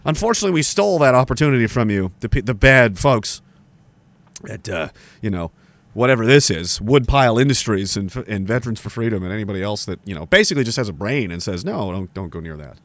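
A man's voice: on the low side, expressive, fast, fairly bright tone, no echo. A man hosting a livestream, ranting sarcastically and swearing, with laughs between remarks. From Canada. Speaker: livestream host. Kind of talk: casual ranting commentary. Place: indoor room by a woodpile.

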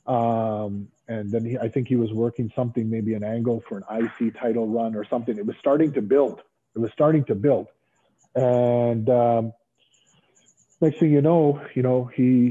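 A former pro wrestler, male with a medium-pitched, breathy voice, guests on an interview over a tinny, phone-like line. He rambles through stories in casual chat, full of fillers and restarts.

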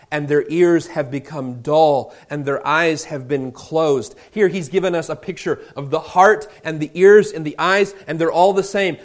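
Preaching man, slow dramatic emphasis. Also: on the high side. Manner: expressive preaching, slows for emphasis, drops to a hush on key words; conversational asides with restarts. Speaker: pastor. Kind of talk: sermon.

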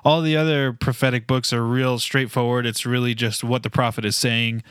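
A man co-hosting a casual Bible discussion podcast, presenting fun facts in a relaxed, explanatory way. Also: medium pitch, moderate pace, smooth, no echo, clean studio sound. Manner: relaxed, explanatory, a few filler restarts.

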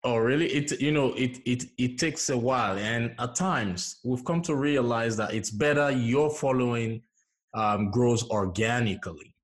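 Man hosting with halting questions. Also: mid-range voice. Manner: brief affirmations, halting questions. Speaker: host. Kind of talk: casual interview.

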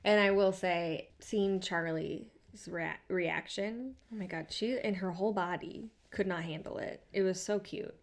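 A woman's voice: lowish voice, measured pace, few pauses. A young woman co-hosting a podcast, chatting casually, swearing freely and acting out what others said. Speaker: podcast co-host. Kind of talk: casual chat.

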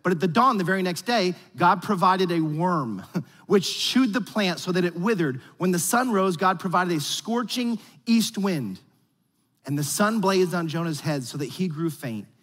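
A man preaching a sermon with casual, animated delivery and slangy asides. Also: high voice, normal speed, long reverb tail. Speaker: pastor.

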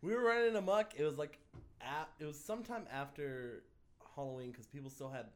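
A man's voice: a little high, expressive, fairly quick. A young man co-hosting a podcast in casual chat, teasing his friends and swearing freely. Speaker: podcast co-host.

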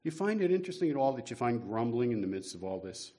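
A man's voice: mid-range voice, big pitch swings, fast, dark tone. Man preaching a conversational sermon. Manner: conversational, self-deprecating humor, rhetorical questions. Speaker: guest preacher.

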